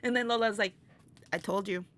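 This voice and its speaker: A woman guest in a casual interview, telling a story in an animated way, laughing often and acting out what people said. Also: medium pitch, fast talker. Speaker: interview guest, burlesque performer.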